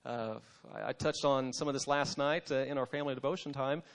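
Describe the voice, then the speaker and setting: A man preaches in a relaxed, talky way, stopping often on "uh" and restarting his sentences. His voice sits at an ordinary middle pitch, and he sounds like he is chatting more than orating. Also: fairly quick. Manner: conversational, with frequent "uh" fillers and restarts. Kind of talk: casual devotional sermon.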